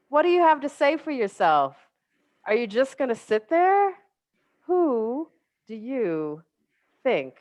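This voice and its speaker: A scornful demon tempter, put on by a woman, hurling slow belittling questions one after another. The recording is dry and dull, like lo-fi webinar audio. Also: mid-range voice, dry recording. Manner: rapid-fire mocking questions, belittling. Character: taunting demon tempter, mocking and interrogating.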